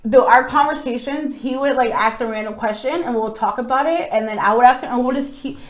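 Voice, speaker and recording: Young woman, podcast cohost, blunt, rambling, swears a lot, fairly high voice. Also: a little fast. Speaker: podcast co-host. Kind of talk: casual chat.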